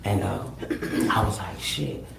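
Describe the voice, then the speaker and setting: Low gravelly man testifying in court. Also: steady tone. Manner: halting, repeats words, says "man". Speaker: defendant testifying. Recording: echoey courtroom with noise.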